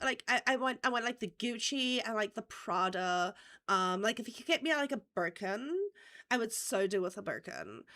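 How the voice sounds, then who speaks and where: Casting: woman doing a ditzy gold-digger girly type, nasal from a cold, high and sing-song. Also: bright, forceful tone, heavily acted. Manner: airheaded, lots of "like", valley-girl drawl. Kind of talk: mocking improvised character bit on a livestream.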